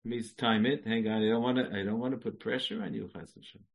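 A man's voice: mid-range voice, quick pace, gravelly, lo-fi sound. A man giving a religious lecture, repeating short phrases, laughing and breaking into song. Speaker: Jewish lecturer.

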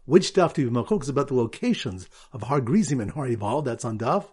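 A man's voice: mid-range voice, very animated, fast talker, a little mellow, husky. A man, a rabbi, teaching a Talmud lesson with memory aids and a quiz, reading Aramaic in a sing-song lilt.

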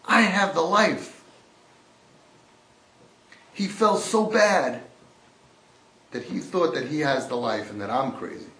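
A man teaching a sermon-style class, swinging from hushed to loud and mixing in Yiddish and Hebrew terms. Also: mid-range voice, very animated, measured pace. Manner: swings between hushed and shouting, acts out voices. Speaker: rabbi giving a Torah class. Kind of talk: impassioned sermon. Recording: echoey room.

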